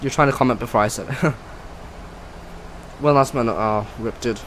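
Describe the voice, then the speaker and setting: Dude streaming a flight sim, chatty and joking at himself, mid voice, faint hiss in the back. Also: male voice, mid-range voice, moderate pace, poor audio. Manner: chatty, self-mocking, trails off and restarts. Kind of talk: casual live-stream commentary.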